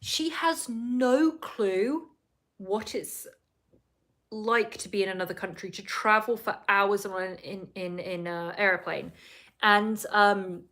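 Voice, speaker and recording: A woman's voice: mid-range voice, slow pace, a bit bright. A woman hosting a casual solo podcast, recapping a reality show in a chatty, rambling way full of asides and apologies.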